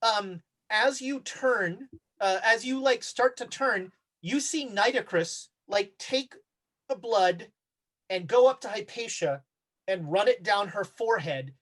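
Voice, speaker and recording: A game master narrating a tabletop horror game, halting often with fillers as he describes the scene. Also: high voice, a bit bright.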